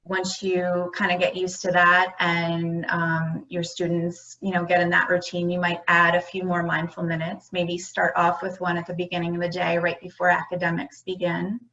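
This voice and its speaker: A woman's voice: fairly low pitch, monotone, moderate pace, hardly any pauses, a bit bright. A woman mindfulness educator giving an online conference talk to teachers, conversational and full of fillers and restarts. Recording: muffled lo-fi audio.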